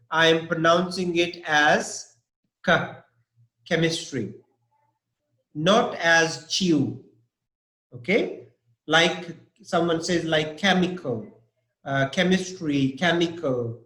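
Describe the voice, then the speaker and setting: A man teaching an English pronunciation lesson, talking haltingly with many fillers and "okay?" checks. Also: a little high, a bit bright, reverberant.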